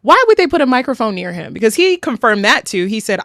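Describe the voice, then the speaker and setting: A woman's voice: sits high, big pitch swings, moderate pace, fairly bright tone, no echo, studio quality. A woman co-hosting a podcast, talking bluntly and with animation in casual chat, swearing freely. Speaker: podcast co-host.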